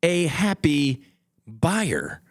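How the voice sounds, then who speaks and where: A man's voice: a little high, huge pitch swings, very slow, no echo. A middle-aged man, a former fighter pilot, hosting a solo podcast in a studio, talking in a blunt, combative and profane way with folksy asides to his listeners.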